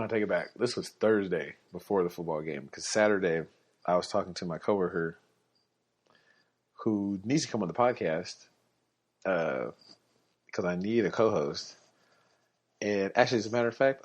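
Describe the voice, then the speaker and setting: A man's voice: low-pitched, husky. A man hosting a podcast, telling a casual, rambling story and correcting himself as he goes. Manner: rambling, self-correcting, quotes others in his own voice. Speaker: podcast host. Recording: dull lo-fi recording.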